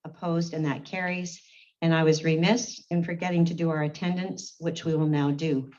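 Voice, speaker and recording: A woman serving as warden, chairing a formal council meeting in a brisk, procedural way and calling the roll. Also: low-pitched, level tone, a little mellow. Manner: brisk, procedural, reads names in a roll call. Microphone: meeting-room microphone on a livestream. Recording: dull lo-fi livestream audio.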